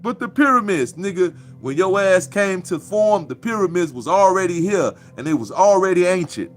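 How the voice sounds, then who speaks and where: A man talks in a profane, mocking, preachy ramble. His voice sits a little higher than most men's. Faint music plays behind him. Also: expressive, moderate pace. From Chicago. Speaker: commentator. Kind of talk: casual monologue.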